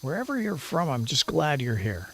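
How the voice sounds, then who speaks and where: A man streaming a game, chatting casually and answering his viewers in a rambling, low-key way. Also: huge pitch swings, normal speed, a bit bright, slight background noise. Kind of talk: casual chat while gaming.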